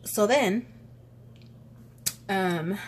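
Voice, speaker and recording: A woman's voice: mid-range voice, very slow, a little hiss or hum. Chatty young woman with allergy sniffles. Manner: chatty, animated retelling with quoted voices. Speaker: vlogger. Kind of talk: casual story time chat.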